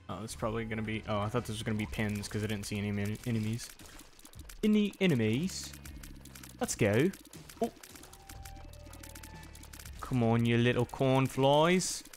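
A man's voice: on the low side, vocal fry. Young man, casual gameplay commentary, talks to the screen, faint game music underneath. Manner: chatty, talks to the game and enemies. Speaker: gaming video creator.

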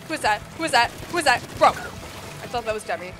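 A woman giving gameplay commentary, excitable and playful, bursting into mock-angry outbursts. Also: medium pitch, brisk. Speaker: gamer. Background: game music.

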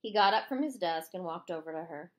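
Expressive woman reading a novel aloud. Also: on the low side, a little fast. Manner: expressive storytelling. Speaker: narrator. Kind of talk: audiobook reading.

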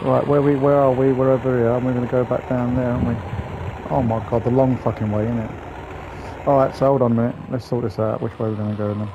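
A man's voice: medium pitch, little pitch movement, fast, lo-fi sound. A man hosting a gaming channel, giving chatty, profane, grumbling let's-play commentary. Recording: game engine noise behind voice.

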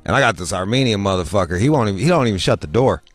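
A man hosting a podcast, telling crude comic stories full of swearing and jumping into high squeaky voices to act out other people. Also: racing, no room sound, soft background music. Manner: profane, animated, mimics people in high voices. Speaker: podcast host. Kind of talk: crude comedic storytelling.

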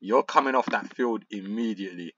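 A young man commentating on a football management game, frustrated and excitable, muttering one moment and shouting the next. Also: on the low side, a little fast, highs cut off, a little hiss or hum. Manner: frustrated, excitable, swings between muttering and outbursts. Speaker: gaming YouTuber.

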